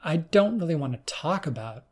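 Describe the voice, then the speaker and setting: A man's voice: on the high side, big pitch swings, slightly rough, voice pushed up. A man voicing a shaken young woman. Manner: hesitant, halting. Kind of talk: audiobook reading.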